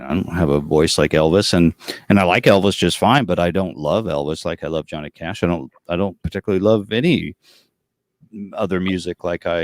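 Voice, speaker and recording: Low-voiced easygoing man on a video call. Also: no echo, clean studio sound. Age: around 40. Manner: easygoing, rambling, with many fillers. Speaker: tribute performer, interview guest. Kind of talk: casual storytelling interview. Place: seated at the front of a tour bus.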